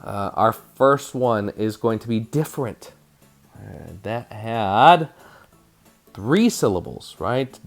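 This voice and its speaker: A man's voice: on the low side, expressive, unhurried, creaky, faint music behind. A man teaching a spelling lesson to third graders, encouraging and sounding out words syllable by syllable.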